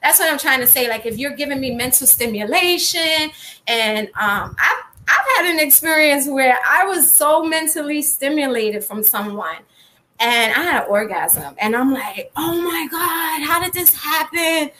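Female co-host, high and bright voice, candid and chatty. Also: expressive, normal speed, a little hiss or hum. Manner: frank, chatty, reads viewer comments aloud. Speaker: podcast co-host and blogger. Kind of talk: candid casual chat.

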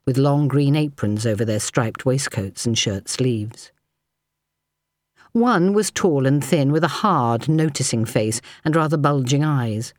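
A woman's voice: extremely low pitch, a little mellow, no room sound. Dry, close woman narrating an audiobook.

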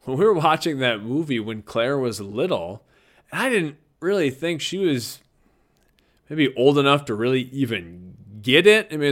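A middle-aged man telling personal stories about his kids in a casual, reflective monologue, chuckling now and then. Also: mid-range voice. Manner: warm, reflective, chuckles often.

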